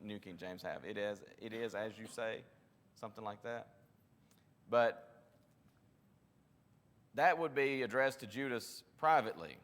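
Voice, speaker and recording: A man's voice: fairly low pitch, fairly bright tone, long reverb tail. A man leading a Bible study, teaching conversationally, often restarting his sentences and acting out quotes. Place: church classroom.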